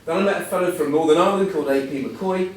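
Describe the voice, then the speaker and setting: A man's voice: a little high, quick pace, slight background noise. A man in his sixties giving a humorous, self-deprecating talk as a guest speaker, full of anecdotes. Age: 60s. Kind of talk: anecdotal after-dinner talk. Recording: echoey hall, mic at a distance.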